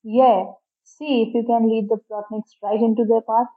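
A level-headed older teenage brother from a detective storybook, steadily calling the shots, as a woman reads him. His voice sits fairly high and sounds dull and lo-fi. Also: normal speed, close to an everyday voice. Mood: steady. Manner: steady, directing. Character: calm teenage boy sleuth, older brother.

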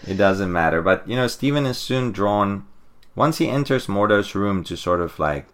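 Man, podcast host, very low voice, enthusiastic, rambling retelling, casual chat. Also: animated, moderate pace, clean tone. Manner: enthusiastic retelling with many fillers and restarts. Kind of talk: casual comic-book discussion.

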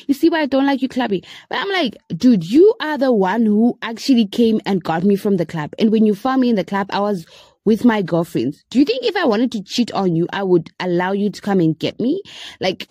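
Lively young woman telling a story. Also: no echo, studio quality. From Zimbabwe. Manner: animated, acts out quoted voices with big pitch jumps. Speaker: podcast host. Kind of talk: casual storytelling.

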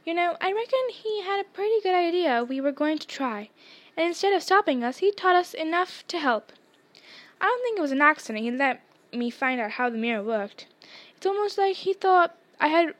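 A woman's voice: sits high, lively intonation, moderate pace, fairly bright tone. A woman voicing an earnest, thoughtful young schoolboy wizard.

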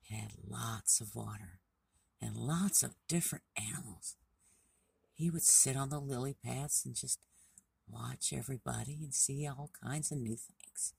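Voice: mid-range voice, unhurried, creaky, darkish tone, slightly rough, dry recording, recorded from a distance. A storyteller telling a children's animal tale in a homespun, casual way, with many dialogue tags.

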